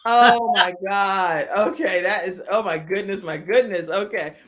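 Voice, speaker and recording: A woman's voice: mid-range voice, measured pace, fairly bright tone. A woman hosting an interview show, asking amused questions of her guest in casual chat. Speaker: show host.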